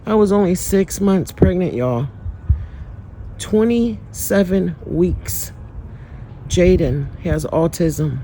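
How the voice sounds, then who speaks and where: Low-voiced woman vlogging a raw testimony. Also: animated, slow, pauses often, mellow, a little hiss or hum, poor audio. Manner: candid, emotional storytelling, talks directly to viewers; preacherly, uplifting toward the end. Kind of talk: personal testimony vlog.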